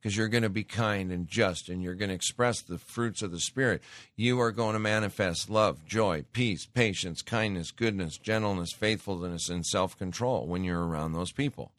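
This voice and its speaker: A man's voice: deep voice, moderate pace, fairly bright tone, no echo, clean studio sound. A man preaching a sermon, reading scripture aloud and exhorting his listeners in an emphatic, direct way.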